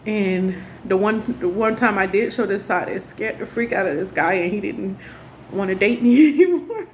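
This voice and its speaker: A woman's voice: medium pitch, steady tone, moderate pace. A young woman talking to camera in a casual personal monologue. Her talk rambles earnestly, with many restarts. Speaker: spiritual vlogger. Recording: faint background noise from neighbors.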